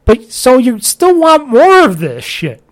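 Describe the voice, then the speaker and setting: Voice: high-pitched, wildly swooping pitch. A speaker ranting in casual chat, cursing often, laughing, and acting out what others said. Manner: ranting, profane, quick to laugh, acts out what people said.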